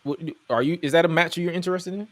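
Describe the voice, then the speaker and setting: A man's voice: on the high side, quick pace. A man hosting a podcast, recapping wrestling in a casual, joking, incredulous way. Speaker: podcast host.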